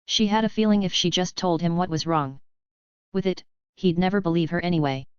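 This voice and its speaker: A woman narrating a romance audiobook in a measured, unhurried way, close to the mic on a slightly dull recording. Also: lowish voice, smooth, no echo.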